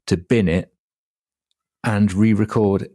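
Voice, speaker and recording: A man co-hosting a podcast, chatting casually and telling stories in a relaxed way, laughing easily. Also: fairly low pitch, slow pace, dry recording, clean studio sound. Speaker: podcast co-host. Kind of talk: casual chat.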